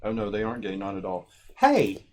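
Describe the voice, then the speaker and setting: A man's voice: fairly low pitch, huge pitch swings, brisk, a little mellow, a little hiss or hum. A man hosting a casual interview show, teasing his guest and laughing often. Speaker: host.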